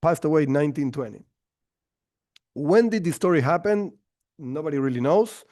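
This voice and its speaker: A rabbi telling stories in a class with an animated, lively delivery. His voice sits a little high for a man. The recording is dry and close, with no room echo. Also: normal speed. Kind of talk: storytelling lesson.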